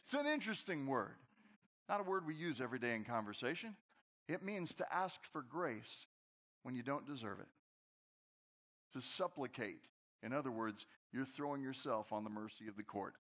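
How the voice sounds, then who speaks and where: A pastor preaching a conversational, animated sermon to his congregation in a large church. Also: fairly high pitch, moderate pace. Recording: long hall reverb.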